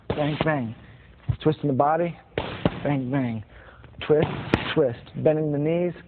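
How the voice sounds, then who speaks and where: A man teaching boxing combinations, talking plainly and repeating punch sounds as he demonstrates. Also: on the high side. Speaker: boxing instructor. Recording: tinny phone-like sound with noise.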